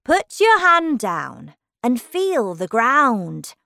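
A woman's voice: a little high, big pitch swings, vocal fry, dry recording, clean studio sound, voice pushed up, heavily acted. A woman voicing a haughty tiger lily. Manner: slow, loud, haughty delivery. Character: proud bossy female tiger lily flower. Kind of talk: storybook reading.

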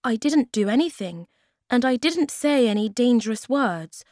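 A woman voicing a gentle, earnest young male troll in a storybook reading, with an eager, slightly raised voice. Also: a little high, expressive, moderate pace, dry recording, clean studio sound, pitched above the performer's own voice, lightly acted.

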